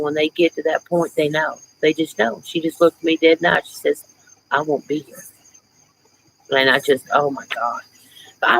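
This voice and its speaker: A woman's voice: low-pitched, a little hiss or hum, poor audio. A middle-aged woman hosting a casual live chat, talking in a reflective, chatty way and breaking into laughs. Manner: chatty, reflective, laughs often, greets viewers warmly. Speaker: livestream host.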